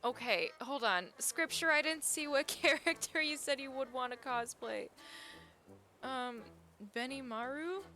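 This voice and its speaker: A young woman live-streams, chatting casually with her viewers in a high-sitting voice. She's talkative, gets excited quickly, and laughs a lot.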